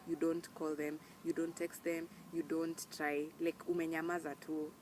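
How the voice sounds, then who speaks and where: In a casual vlog, a young woman with a Kenyan accent talks to camera from the heart, earnest and emphatic, mixing in Swahili slang. Her voice is low with little pitch movement, delivered at a moderate pace against background noise.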